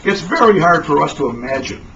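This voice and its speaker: A man giving an animated, emphatic lecture talk, recorded on a distant, dull lo-fi mic with faint noise. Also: fairly high pitch, a little fast. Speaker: speaker.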